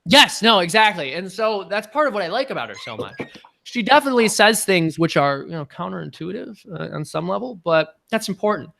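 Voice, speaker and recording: Young guy doing a chatty livestream q&a, jokey, kinda high bright voice, dry close sound. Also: very animated, fairly quick, creaky, no room sound. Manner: chatty, joking, breaks into voices. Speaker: channel host answering viewer questions. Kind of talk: casual livestream Q&A.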